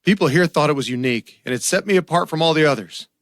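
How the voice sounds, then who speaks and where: A man voicing a jittery artist suspect in a radio mystery, his pitch leaping up and down as he stammers out excuses. The sound is close and dry, as if cut in a small booth. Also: expressive, fast, dry recording, natural voice. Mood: defensive. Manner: anxious, stammering, defensive. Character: nervous young male artist suspect. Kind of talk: radio theater acting.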